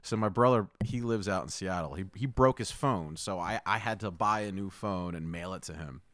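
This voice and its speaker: A man in casual podcast chat, telling a profane, animated story with lots of laughter. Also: low voice, normal speed, dry recording, studio quality.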